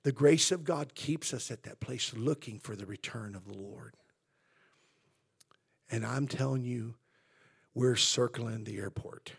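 A man preaches with a gravelly, husky voice at a mid pitch. He climbs louder and higher to drive points home, then sinks to a near whisper. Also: a little slow, long pauses. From Southern California. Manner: swells loud and high for emphasis, then drops to hushed tones. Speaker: pastor. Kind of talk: sermon.

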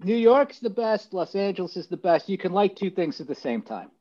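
Halting comedian guest on dull call audio. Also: male voice, high-pitched, lively intonation, warm tone. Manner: loose, halting, many restarts. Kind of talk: casual chat over video call.

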